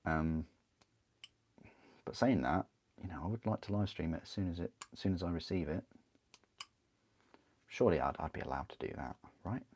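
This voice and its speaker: A man's voice: sits low, normal speed, pauses often, darkish tone. A man chatting casually on a livestream while building a model kit, rambling, answering chat and laughing often.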